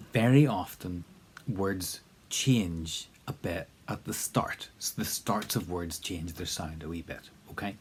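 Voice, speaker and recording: A language teacher with a very low, husky voice leads a spoken lesson in a relaxed, encouraging tone. He sprinkles in fillers and keeps prompting listeners to repeat each phrase aloud.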